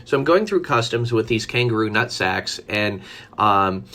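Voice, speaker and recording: Chatty man with a lively, bouncing voice. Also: fairly low pitch, normal speed. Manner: chatty, laughs often, many fillers and restarts. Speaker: vlogger. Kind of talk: casual storytelling live stream.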